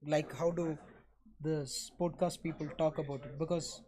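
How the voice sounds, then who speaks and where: A man hosting a live trading stream, talking briskly and asking his co-host questions. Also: a little high, steady tone, mellow. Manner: brisk, asks questions, repeats himself. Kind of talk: casual chat.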